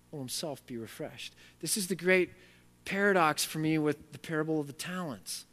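A man preaching a sermon as a pastor, animated and emphatic, telling stories in a casual way. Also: a little high, moderate pace. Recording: long hall reverb.

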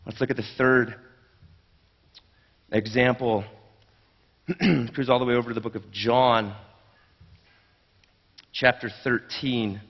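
A man's voice: medium pitch, steady tone, slow, pauses often, highs cut off. Earnest male preacher in an echoey hall. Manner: earnest, conversational preaching with repeated restarts. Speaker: pastor. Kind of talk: sermon.

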